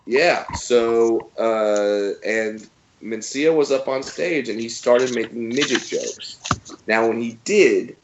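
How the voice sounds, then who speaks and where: A man's voice: mid-range voice, slow pace, roomy sound, highs cut off, background noise. A man in his thirties, a comedian guest telling stories in a casual interview and acting out quotes in funny voices.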